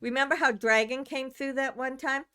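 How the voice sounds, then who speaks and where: A woman's voice: high voice, steady tone, normal speed, pushed and bright, clean tone. A woman from the United States, a channeler hosting a live stream, chatting casually with viewers, rambling, restarting sentences and greeting people by name.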